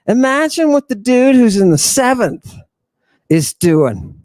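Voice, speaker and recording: A man's voice: high voice, animated, normal speed, dry recording. Flamboyant teasing man lecturing. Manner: flamboyant, teasing, shifts between hushed and shouting. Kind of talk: theatrical livestream lecture.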